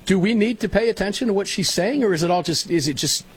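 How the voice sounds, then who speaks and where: A man hosting a political panel show, animated and prodding guests by name with his questions. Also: high voice, quick pace, husky, no echo. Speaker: show host.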